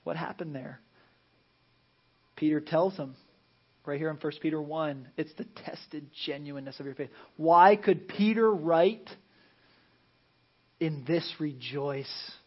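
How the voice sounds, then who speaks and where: Man preaching a lively sermon. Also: on the high side, unhurried, husky, highs cut off. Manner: conversational preaching, dropping to a hush for emphasis; acts out Bible scenes in playful character voices. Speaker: pastor.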